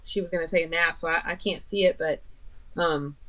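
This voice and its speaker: A woman's voice: on the low side, fairly even intonation, fairly quick, a bit bright, low-quality recording. Middle-aged woman, vlogger, chatty rambling storyteller who keeps quoting others. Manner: rambling, retells dialogue, many fillers. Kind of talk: personal storytelling.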